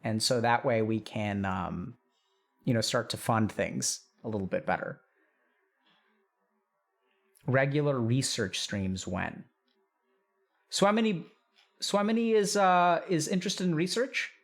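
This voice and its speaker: A man's voice: medium pitch, measured pace, gravelly, long pauses. A middle-aged man, a doctor, chatting casually on a live stream, thinking aloud and reading out chat with frequent restarts.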